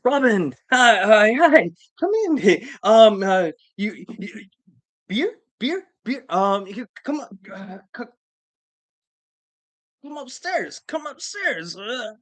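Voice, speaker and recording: A flustered, jittery man , as a storyteller puts him on, stumbles over every word in a pitch well above a normal speaking voice. He repeats himself in nervous bursts and cannot finish a sentence. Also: very animated, slow, exaggerated voice. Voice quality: stammering, flustered. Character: panicked stammering man caught out.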